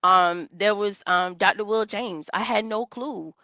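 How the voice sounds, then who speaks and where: Earnest bright-voiced woman caller, lo-fi line. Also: medium pitch, measured pace, dry recording. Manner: earnest, rambling, with many restarts. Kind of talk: casual call-in chat.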